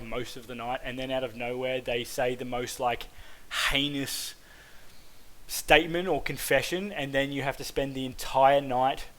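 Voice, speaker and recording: An Australian man from Queensland reviews a film in a loose, conversational way. His voice sits at an ordinary middle pitch. He fills pauses with "um" and "like" and swears freely. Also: fairly bright tone, poor audio. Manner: casual, frequent "um" and "like", swears freely. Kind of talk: casual spoken film review.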